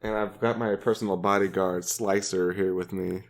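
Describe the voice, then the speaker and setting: A man's voice: low voice, steady tone, moderate pace. A man co-hosting a comedic podcast, wry and needling as he improvises bits. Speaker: podcast co-host.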